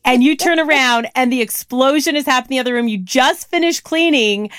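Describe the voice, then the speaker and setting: A woman's voice: sits high, a little fast, fairly bright tone, no echo. A woman co-hosting a podcast, breaking in to stress a point to her listeners in an emphatic, encouraging way, and telling an everyday story from home. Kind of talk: conversational podcast chat.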